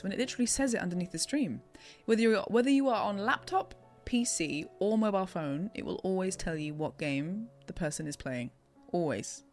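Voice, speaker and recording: A woman's voice: mid-range voice, expressive, normal speed. An English woman from England chatting playfully with her live-stream chat while she plays, teasing viewers and laughing often. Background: game music.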